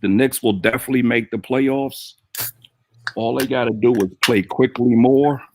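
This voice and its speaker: A man on a sports podcast giving curt, deadpan answers in casual chat. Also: medium pitch, moderate pace, background noise.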